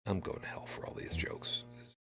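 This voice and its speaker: A man's voice: normal speed, music in the background. A tired man co-hosting a casual comedic podcast, rambling and restarting his sentences a lot. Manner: rambling, self-interrupting with many restarts. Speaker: podcast co-host.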